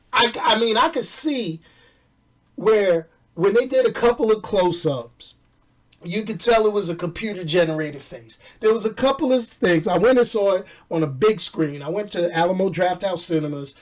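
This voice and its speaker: A man's voice: sits high, distant mic. A man from New York talking casually and animatedly about a movie, joking, laughing often and using street slang. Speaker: movie reviewer. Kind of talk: casual movie review chat.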